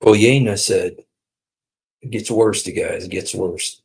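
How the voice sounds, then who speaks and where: Very husky, gravelly man preaching. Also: sits low, slow. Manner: emphatic and mocking, swings between loud and quiet. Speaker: preacher on a streamed show. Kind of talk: polemical religious talk.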